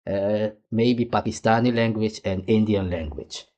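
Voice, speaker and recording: A man with a somewhat low voice talks casually as he reacts to a clip. He rambles and drifts between side points, often trailing off before he picks the thread back up. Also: measured pace, a little mellow. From Suriname.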